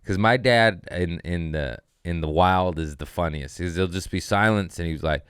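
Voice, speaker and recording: This is a loose comedy podcast monologue from a man whose voice is low, smooth, resonant and a bit bright, captured close and dry without room sound. At a normal pace he riffs casually, makes self-mocking asides, and swings into profane outbursts that keep rising.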